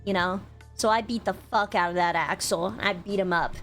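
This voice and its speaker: A young woman streamer chatting with her viewers about a convention, bubbly and quick to swear, with lots of "like". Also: mid-range voice, fairly even intonation, a bit bright, soft background music. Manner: bubbly storytelling, swears freely, frequent "like". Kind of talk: casual chat to stream viewers.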